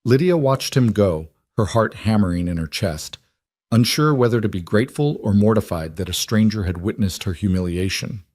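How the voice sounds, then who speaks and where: A man reading a western romance story in an even, unhurried storytelling voice. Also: lowish voice, dry recording, clean studio sound. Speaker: narrator. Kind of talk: scripted audiobook narration.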